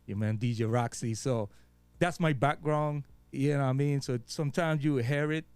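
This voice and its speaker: A man's voice: medium pitch, fairly even intonation, moderate pace, a little mellow, clean tone, no room sound. Man, Virgin Islands accent, laid-back slangy talk, curses a lot, dry close sound. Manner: laid-back, street slang, frequent swearing and fillers. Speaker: guest DJ. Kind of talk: casual interview chat.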